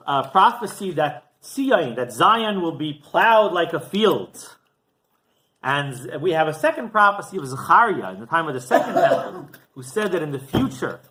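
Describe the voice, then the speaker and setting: A rabbi giving a storytelling sermon, animated and often asking rhetorical questions. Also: male voice, a little high.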